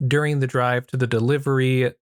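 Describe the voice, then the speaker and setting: A man's voice: mid-range voice, flat delivery, fairly quick, clear, resonant tone, dry recording, studio quality. Casual crude-humored man recapping a movie. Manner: crude, joking retelling with acted quotes. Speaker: podcast host.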